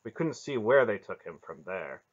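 A man's voice: on the low side, very animated, moderate pace, breathy edge, highs cut off. A man reading an audiobook, voicing an earnest young man speaking plainly.

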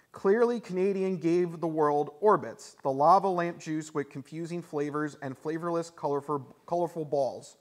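A man hosting a charity game show stream, upbeat and quick to laugh. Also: on the high side.

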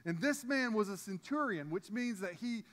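High-voiced pastor preaching conversationally. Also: male voice, expressive, normal speed, fairly bright tone. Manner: conversational preaching with many restarts and asides. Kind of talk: sermon.

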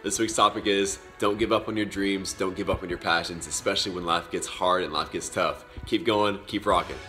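A man's voice: deep voice, steady tone, a little fast, bright, forceful tone, soft background music. A man in his twenties giving an earnest motivational vlog talk, rambling with many restarts. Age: 20s. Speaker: vlogger.

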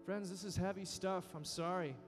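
Lively male youth preacher with a high voice; large reverberant hall. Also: normal speed. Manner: dynamic, acts out inner voices. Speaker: youth conference speaker. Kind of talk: sermon. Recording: reverberant hall with soft music.

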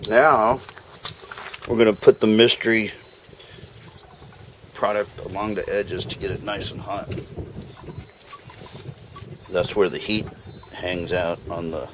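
A backyard barbecue vlogger cooks outdoors at his smoker, trading folksy jokes with viewers and chatting to the food. He has a low voice, and the rough recording carries a little hiss or hum.

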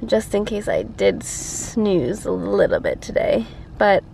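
A woman's voice: mid-range voice, slow, gravelly, slight background noise. A young adult woman co-hosting a travel vlog, chatting casually and animatedly from a car on a road trip. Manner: chatty, animated, filler-heavy. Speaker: vlogger co-host. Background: loud music.

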